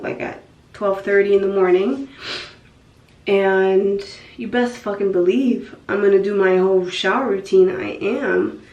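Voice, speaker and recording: Young woman, casual at-home vlogger talking to her phone, slow and unfiltered with plenty of fillers. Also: medium pitch, darkish tone, lo-fi sound. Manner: frank and unfiltered, swears casually; rambling with fillers and self-corrections. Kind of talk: candid personal vlog.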